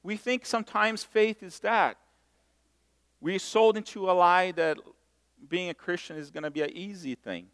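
A middle-aged man from Brazil, preaching a sermon and telling stories in a self-mocking, animated way. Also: sits high, normal speed, smooth. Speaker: pastor. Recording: long hall reverb.

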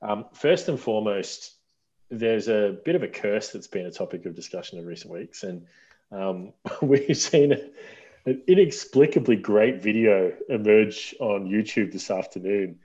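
A man hosting a podcast in casual chat, talking in a relaxed, rambling way with fillers. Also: on the low side, a little slow. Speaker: podcast host. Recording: dull lo-fi sound.

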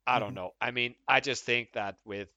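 Bright-voiced man hosting a casual game chat. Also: medium pitch, normal speed, no echo. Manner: hesitant, repeats words when starting. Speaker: podcast host. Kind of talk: casual gaming discussion.

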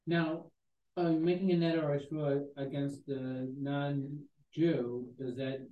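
A man's voice: a little high, level tone, takes it slowly, recorded from a distance. A man in a study class, asking a tentative question. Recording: echoey, dull room recording.

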